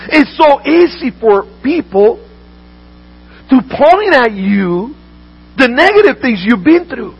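A man's voice: extremely high pitch, very animated, slow, long pauses, breathy edge, dull audio. A man preaching a sermon as a pastor, earnest, often repeating words and restarting his sentences.

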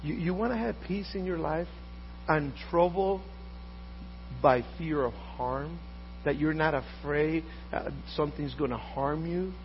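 A man in his fifties preaching a sermon as pastor, swinging between loud emphatic lines and quiet asides. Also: fairly high pitch, measured pace. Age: 50s. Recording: dull lo-fi audio with faint mains hum.

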